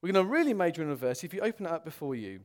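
A young man preaching a sermon to a congregation, animated and earnest, rising to loud exclamations and dropping to quiet, serious tones. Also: a little high, racing.

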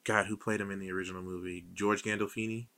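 A man's voice: fairly low pitch, little pitch movement, pushed and bright. A man co-hosting a podcast in casual, joking chat, swearing freely as he trades quips. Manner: joking, profane, quick back-and-forth. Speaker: podcast co-host.

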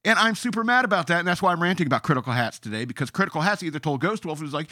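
A man's voice: fairly high pitch, big pitch swings, rapid-fire, few pauses, sharp tone, no echo, studio quality. A man ranting in a sarcastic, emphatic way as a podcast host, now and then reading out his own comments in a mocking voice.

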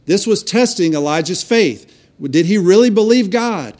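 A man's voice: sits high, animated, normal speed, darkish tone. A man preaching a sermon, telling a story earnestly with frequent restarts. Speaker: pastor.

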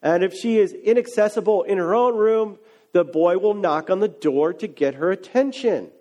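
Guy pastor with a high voice, chatty sermon, gets punchy with his questions. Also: moderate pace, mellow. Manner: conversational, builds to emphatic questions. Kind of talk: casual sermon.

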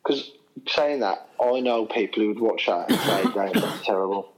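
A man co-hosting a casual film review chat, chatty and quick to agree. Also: lowish voice, a little hiss or hum, rough recording. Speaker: podcast co-host.

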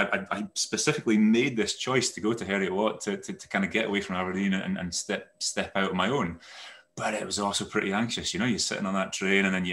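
A middle-aged man, a company head and podcast guest, recounting his school and university years in a thoughtful, halting way full of restarts. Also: fairly low pitch, fairly bright tone. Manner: thoughtful, halting, many restarts and "you know"s. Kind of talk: reflective conversational storytelling.

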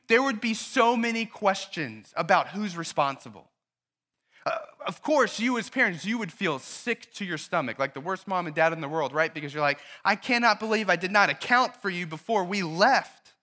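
Bright-voiced man preaching a sermon. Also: high voice, moderate pace. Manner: storytelling, animated, asks the listeners questions. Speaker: pastor. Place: church.

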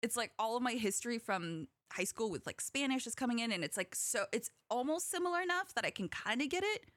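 A young woman hosting a casual podcast chat, animated and laughing often. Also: a little high, fast, dry recording. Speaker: podcast host.

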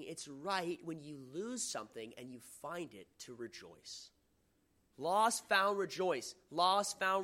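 A man delivers a sermon in an earnest, conversational way, asking his listeners questions as he goes. His voice sits a little high for a man. When he reads scripture aloud, he adds dramatic emphasis. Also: fairly bright tone. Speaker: preacher.

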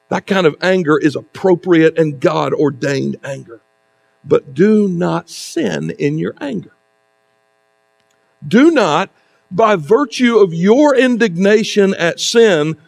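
A male pastor giving a sermon in a conversational preaching style, with rhetorical asides and dramatic pauses. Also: high voice.

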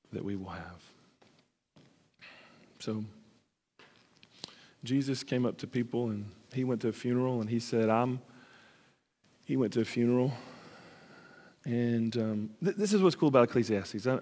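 A man preaching a sermon as pastor, animated, acting out the voices of the story and stumbling over his words when he gets excited. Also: medium pitch. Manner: animated, acts out dialogue, stammers when excited. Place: church sanctuary. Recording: husky voice in a reverberant hall.

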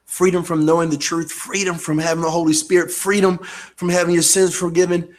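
A man preaching a sermon with passion, shouting hard and then dropping to a low, quiet voice. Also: little pitch movement, fairly quick. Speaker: pastor.

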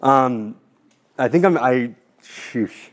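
A man in his twenties giving a talk to his faith community, nervous and tearful, halting with many pauses. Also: medium pitch, expressive. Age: 20s. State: tearful, voice breaking. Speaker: speaker giving a formation talk.

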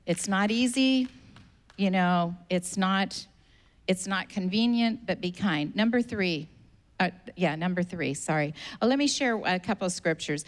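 A woman pastor preaching a sermon, stressing her points by repeating them. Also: mid-range voice. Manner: emphatic, repeats exhortations.

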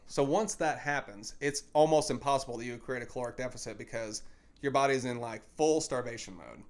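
A man's voice: medium pitch, a little fast. A young man coaching on a podcast, easygoing and meandering. His voice sits in an ordinary middle range, and he talks in loose, filler-heavy stretches. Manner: relaxed, rambling with many "like" fillers. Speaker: podcast co-host, fitness coach. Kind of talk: casual podcast chat.

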